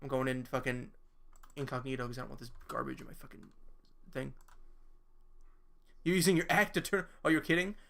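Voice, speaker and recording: Halting, bright-voiced young male streamer. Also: mid-range voice. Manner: halting, self-questioning, swears. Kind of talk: casual live-stream chat.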